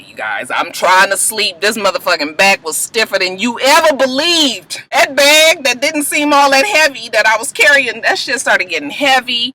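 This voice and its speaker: A woman's voice: on the high side, pushed and bright, a little hiss or hum, rough recording. A woman from Atlanta, telling a blunt, profanity-filled storytime vent from an airport terminal. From Atlanta, USA. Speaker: vlogger.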